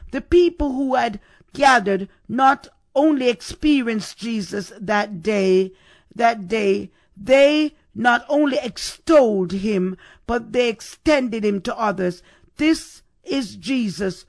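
A man preaching a sermon, building up to repeated rhetorical questions with emphasis. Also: sits high.

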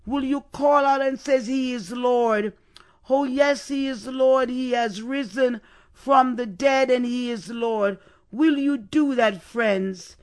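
A man's voice: extremely high pitch, slow pace. A man preaching a sermon, building up to repeated rhetorical questions with emphasis.

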